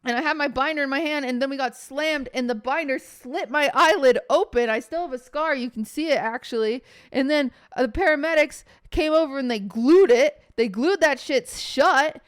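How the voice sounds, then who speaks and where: A young woman streamer telling a story casually, animated, acting out quotes and swearing often. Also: high voice, moderate pace, hardly any pauses, no room sound, studio quality.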